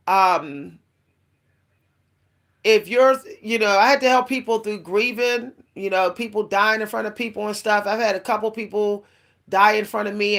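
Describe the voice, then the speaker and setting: A woman's voice: medium pitch, a bit bright. Rambling woman in a casual spiritual monologue. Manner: rambling, with many fillers and restarts; laughs now and then while talking. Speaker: spiritual vlogger.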